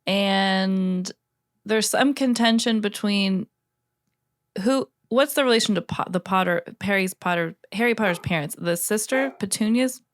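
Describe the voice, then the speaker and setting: A woman's voice: medium pitch, a little slow, dry recording, clean studio sound. A woman co-hosting a podcast as a first-time reader, skeptical and blunt in casual chat. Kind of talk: casual book-club chat.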